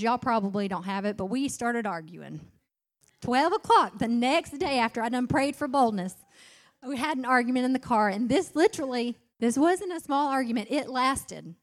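A young woman giving an emotional testimony at a church service, starting soft and building to loud, tearful fervor. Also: fairly high pitch.

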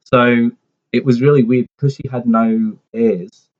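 A man's voice: mid-range voice, steady tone, a little slow. A man in his forties telling a family story in a casual, rambling way, full of restarts and asides. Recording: dull lo-fi sound.

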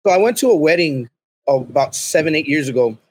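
A man, a podcast guest, telling a rambling, profanity-heavy comedic story in a loose, animated way. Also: on the high side, a little fast, husky.

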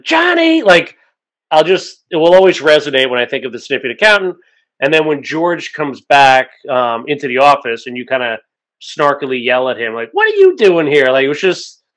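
A man co-hosting an interview, animated, asking questions with emphasis. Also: mid-range voice, poor audio. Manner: animated, quotes lines with emphasis. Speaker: podcast co-host. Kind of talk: casual interview chat.

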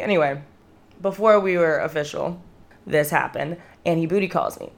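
A woman's voice: lively intonation, a little fast. A woman in her twenties, hosting a podcast and telling candid, self-mocking stories in casual chat, swearing freely. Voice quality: low voice with vocal fry. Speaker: podcast host. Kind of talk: casual confessional storytelling.

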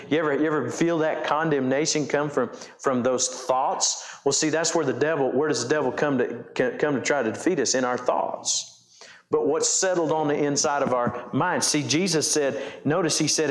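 A man's voice: a little high, a little fast, reverberant. A man preaching a sermon as pastor, asking the congregation questions and often repeating and restarting his phrases. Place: church.

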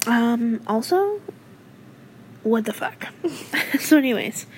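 A woman's voice: a little high, sing-song, slow pace, a little mellow, slight background noise. A woman co-hosting a podcast in casual late-night chat. She is very tired, swears often and laughs a lot. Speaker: podcast co-host.

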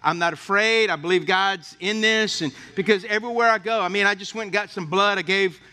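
Bright high-voiced male pastor preaching. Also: brisk. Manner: folksy storytelling, asks the congregation for responses. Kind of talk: sermon.

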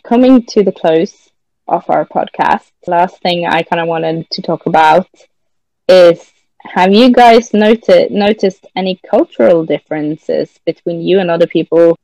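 Low-voiced woman hosting a podcast. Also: a little slow, dark tone, dry recording, rough recording. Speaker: podcast host. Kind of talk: casual podcast chat.

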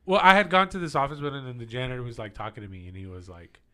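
A young man co-hosting a podcast, telling a story in casual chat, his voice trailing off softly at the ends of phrases. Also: medium pitch, racing. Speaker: podcast co-host.

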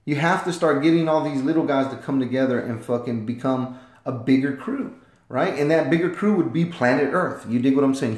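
Profane, rambling man in a roomy room. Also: a little high. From United States. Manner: profane, rambling, emphatic with loud swings. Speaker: podcast host, former Marine. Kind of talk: casual podcast monologue.

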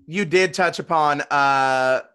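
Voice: mid-range voice, takes it slowly, bright, forceful tone, clear, resonant tone. A podcast co-host in casual chat, playful and asking prompting questions.

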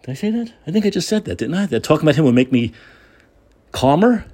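A man's voice: a little high, big pitch swings, quick pace, darkish tone. A man hosting a political talk show, delivering an angry, sarcastic and profane rant.

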